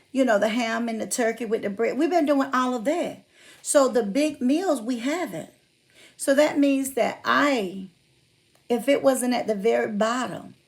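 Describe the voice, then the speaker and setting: A woman's voice: a little high, creaky. A woman chatting casually on a livestream, greeting viewers by name and talking about her faith. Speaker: livestream host.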